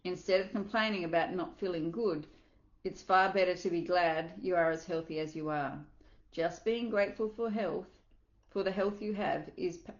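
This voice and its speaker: A woman's voice: lowish voice, echoey room, muffled recording. A woman coach reading a self-help book aloud, earnest, with small slips and asides.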